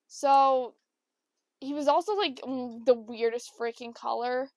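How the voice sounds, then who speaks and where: A young woman telling comic stories about her pets, lively and swearing, acting out what people said. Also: high-pitched, a little slow, dry recording, studio quality. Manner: animated, swearing, acts out quotes with big swings in loudness. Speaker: storyteller. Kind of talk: comedic storytelling monologue.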